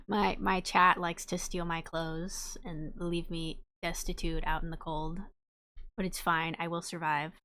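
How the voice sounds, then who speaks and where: A woman chatting casually on a livestream as she plays a game, bubbly and quick to giggle, warmly greeting her viewers. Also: lowish voice, slight background noise. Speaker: streamer playing a game.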